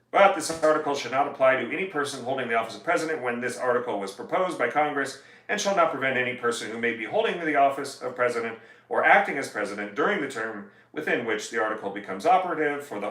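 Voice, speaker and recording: Chatty man with a bright voice. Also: mid-range voice, reverberant, rough recording. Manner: chatty, reads legal text aloud then jokes about it. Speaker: attorney hosting a livestream. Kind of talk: casual livestream talk. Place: home music room.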